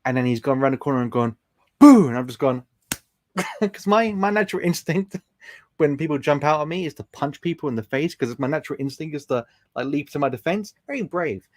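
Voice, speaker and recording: A man's voice: fairly high pitch, lively intonation, fairly quick, no echo. A man chatting casually on a live stream, reading viewer comments aloud in an affectionate, laughing way.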